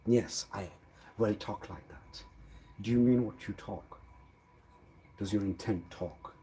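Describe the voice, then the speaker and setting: A livestreamer rambles through a disjointed monologue, arguing with himself, repeating words, and swinging from quiet mutters to loud exclamations. His voice is fairly low, slow, and breathy-edged.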